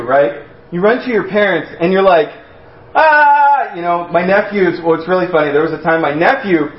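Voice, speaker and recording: Male preacher, slightly high voice, loose storytelling delivery, dull recording. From Texas. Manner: conversational and storytelling, with many restarts and acted-out quotes. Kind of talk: sermon.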